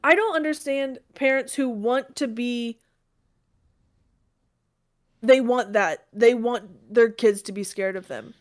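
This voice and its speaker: A woman's voice: on the high side, slow pace, long pauses. A woman co-hosting a podcast in casual chat, emphatic and leaning hard on key words. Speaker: podcast co-host.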